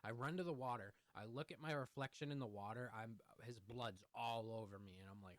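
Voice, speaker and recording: A man's voice: mid-range voice, fairly quick, hardly any pauses, no room sound. A young man telling a heated, profanity-heavy story in a storytime vlog. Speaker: vlogger.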